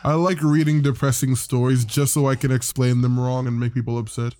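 A man's voice: mid-range voice, level tone, brisk, warm tone. A man hosting a podcast, casually recapping a comic in a rambling, profane way and briefly putting on voices for the characters. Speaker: podcast host.

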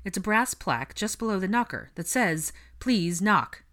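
A woman voicing a bossy, spirited young witch who talks in a sharp, teasing way. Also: mid-range voice, lively intonation, normal speed, pitched above the performer's own voice, close to an everyday voice. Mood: brisk.

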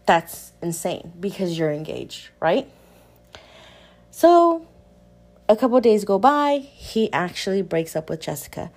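A young woman casually recapping a romance novel for viewers, candid and animated, swearing freely, her pitch leaping up when she reacts. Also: takes it slowly, long pauses. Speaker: book reviewer. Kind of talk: casual book recap chat.

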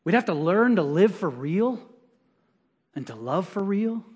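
High-voiced male pastor preaching conversationally. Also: big pitch swings, measured pace, a little mellow, breathy edge. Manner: conversational preaching with acted quotes and repetition. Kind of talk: sermon.

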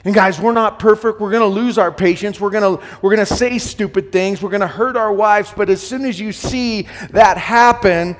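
A middle-aged man preaching a sermon to men, earnest and plain-spoken, often repeating words as he goes, sometimes loud and sometimes hushed. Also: high voice, moderate pace, few pauses, in a large hall, a little hiss or hum. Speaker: pastor.

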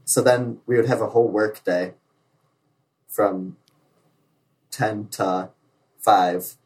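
A man's voice: lowish voice, fairly even intonation, slow, darkish tone, poor audio. A young man, a navy sailor, telling stories in casual chat with many filler likes and frequent laughs.

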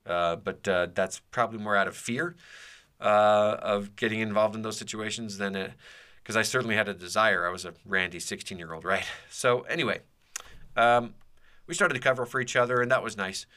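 A man's voice: lowish voice, a little fast, bright, forceful tone. A man hosting a podcast, telling a personal story in a casual, rambling way with many fillers and restarts. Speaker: podcast host.

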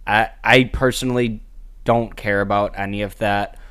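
A man co-hosting a casual sports podcast, talking in a measured, easygoing way. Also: on the low side, fairly even intonation, a bit bright, clear, resonant tone. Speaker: podcast co-host.

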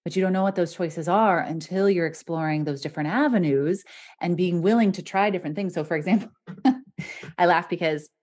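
A woman's voice: fairly low pitch, fairly quick, a little mellow. A woman hosting a podcast as a voice coach, talking animatedly and laughing often between points. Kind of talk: casual podcast conversation.

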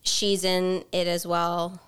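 A woman's voice: fairly low pitch, completely flat delivery, slow, fairly bright tone, clean tone. A woman co-hosting a casual podcast chat, talking in a hesitant, meandering way with many fillers. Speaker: podcast co-host.

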